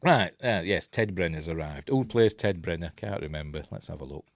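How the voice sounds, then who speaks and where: A man's voice: sits low, expressive, fairly quick, no room sound. A middle-aged man with a Yorkshire accent giving a casual watch-along film commentary, rambling with many fillers and muttered asides. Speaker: film reviewer.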